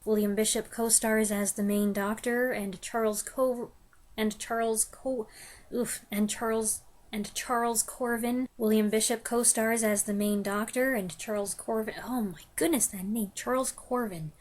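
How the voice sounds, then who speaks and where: A young female film reviewer, slightly high-voiced and steady, speaks unhurriedly in a reel of review bloopers. She trips over her words, starts takes over, and laughs at herself.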